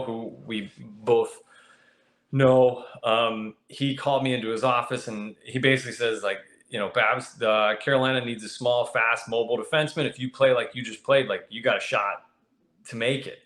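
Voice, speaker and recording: A young man telling a story as a podcast guest, animated and jumping into high voices when he acts out his friends. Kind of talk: casual storytelling. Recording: echoey room.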